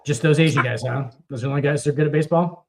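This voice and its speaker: A man's voice: fairly high pitch, steady tone, very fast, creaky, noisy background. A man co-hosting a casual sports podcast, ribbing the host with joking banter.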